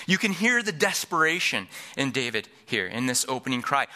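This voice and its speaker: A man's voice: mid-range voice, normal speed, hardly any pauses, sharp tone. A middle-aged man preaching a sermon as pastor, earnest, repeating each point for emphasis.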